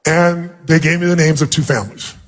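A man speaking as a motivational speaker, telling an emotional personal story to an audience in an earnest way. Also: fairly quick. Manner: earnest, emotional storytelling, pitch jumps up when acting out dialogue.

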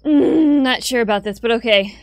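A woman's voice: on the high side, normal speed, dry recording. Playful woman gamer, dry close mic. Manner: playful, swears, breaks into excited squeals. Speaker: gamer playing a story game. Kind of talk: let's play commentary.

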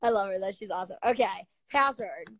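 A woman hosting a casual live stream from her bedroom, chatting with viewers in a bubbly, excitable way. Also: mid-range voice, a little fast, very noisy. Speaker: livestream host. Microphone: laptop or phone live stream.

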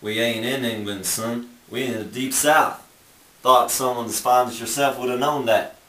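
In an amateur comedy sketch, a man plays a folksy, old-timey bartender with a put-on Southern drawl, courteously calling people "sir" and "son." His natural voice is medium-pitched, steady and fairly bright at a normal speed. A distant camera mic picks him up in a roomy space with faint noise.

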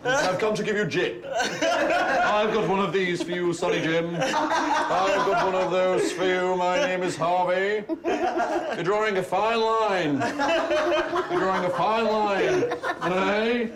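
Mocking impression of a tough boy by a man, high pitched, slow, echoey, crowd noise. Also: animated. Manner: slow, taunting, laughing through it. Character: mocking fake tough boy, swaggering and silly.

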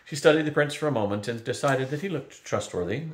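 An older man, a grandparent, reading a children's novel aloud in a steady, gentle narrating voice. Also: medium pitch, fast talker. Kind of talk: storybook read-aloud. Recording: roomy echo.

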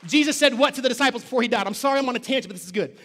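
Fired-up preacher man, bright high voice. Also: very fast, a faint crowd. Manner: energetic, shouting call-and-response with congregation; casual slangy asides and joking. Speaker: pastor. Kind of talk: sermon. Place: church sanctuary.

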